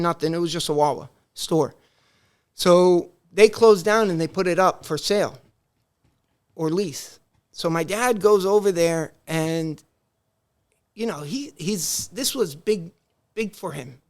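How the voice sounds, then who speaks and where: High-voiced storytelling man. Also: unhurried. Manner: animated, acts out family dialogue. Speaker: podcast guest. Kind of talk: casual storytelling.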